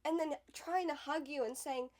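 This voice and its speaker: A young woman with a high, light voice tells a personal story in a loose, chatty vlog way. She drops "like" constantly and punches certain words with sudden loud emphasis. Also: fairly even intonation, normal speed. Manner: chatty, fills speech with "like", emphatic swings in loudness. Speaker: podcast host.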